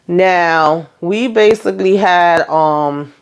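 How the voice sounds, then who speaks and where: A woman's voice: lowish voice, slow, clear, resonant tone. Chatty woman recapping a TV episode. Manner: chatty, animated retelling with frequent mild swearing. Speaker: TV show recap host.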